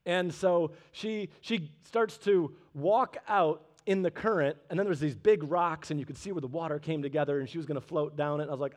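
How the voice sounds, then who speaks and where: High-pitched preacher guy, thirties, tells funny family stories in his sermon. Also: brisk, hardly any pauses. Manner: lively storyteller with joking asides. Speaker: pastor.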